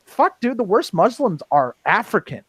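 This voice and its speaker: A man's voice: sits high, big pitch swings, normal speed, fairly bright tone, slightly rough, no room sound, low-quality recording. A man on a casual roundtable podcast, talking in a heated, profane, rambling way with many restarts. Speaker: podcast host.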